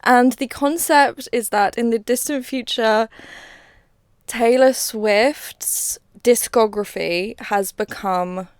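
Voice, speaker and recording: A woman's voice: on the high side, smooth, no room sound, studio quality. Chatty woman laughing at her old sketch. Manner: chatty and self-mocking, laughs often. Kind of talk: casual reaction commentary.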